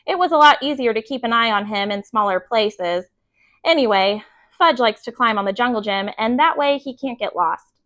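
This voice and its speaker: A woman reads a children's chapter book aloud as a bedtime story. Her voice sits high and her reading is calm and clear.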